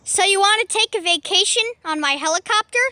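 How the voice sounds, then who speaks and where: A woman's voice: very high-pitched, a little fast, sharp tone, dry recording, clean studio sound. A woman voicing a businesslike adult male helicopter pilot in a homemade toy skit.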